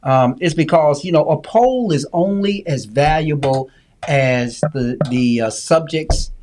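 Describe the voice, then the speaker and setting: A man's voice: a little high, measured pace, background noise. A man co-hosting a podcast, chatting casually about politics, teasing his co-host and reading out viewer comments.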